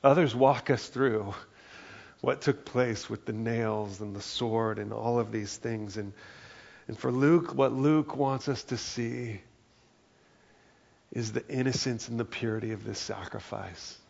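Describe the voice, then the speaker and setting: A man preaching a sermon in an earnest, conversational way, his voice carrying a gravelly edge. He speaks at a middle pitch and keeps checking in with "right?" between thoughts. The recording sounds a little dull and lo-fi. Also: unhurried, darkish tone. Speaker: pastor.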